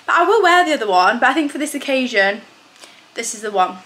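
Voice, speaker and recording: A woman's voice: fairly high pitch, sing-song, quick pace, a bit bright, echoey room. A young woman chatting casually and giggling as she tries on outfits and does her makeup for a get-ready-with-me vlog, filmed on a camera set down nearby in a room at home. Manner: chatty, giggly, self-deprecating. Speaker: vlogger.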